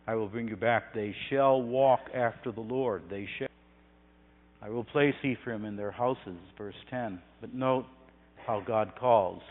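Man preaching, slow and deliberate, hushed then swelling, tinny phone-like sound, long hall echo. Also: on the low side. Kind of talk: sermon.

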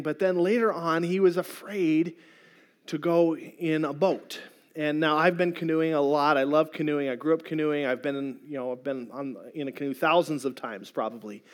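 A middle-aged man preaching a sermon as a pastor, telling a personal story in an earnest, conversational way. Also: a little high.

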